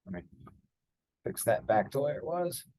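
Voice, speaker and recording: A man's voice: a little high, expressive, moderate pace, warm tone. A man teaching a Spanish grammar lesson over a screen share, explaining each step patiently with the odd filler.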